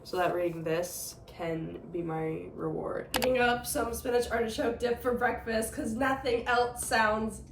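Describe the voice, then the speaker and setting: A woman's voice: fairly high pitch, unhurried, hardly any pauses, background noise. A woman in her twenties, a graduate student, chatting casually to camera in a diary vlog, tired and stressed, self-mocking and a bit dramatic.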